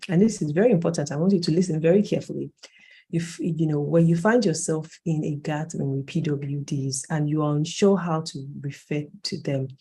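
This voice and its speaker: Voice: mid-range voice, mellow, slightly rough. A facilitator in their late thirties, lecturing a training cohort in a conversational way, stressing key points and correcting themselves mid-sentence. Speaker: workshop facilitator.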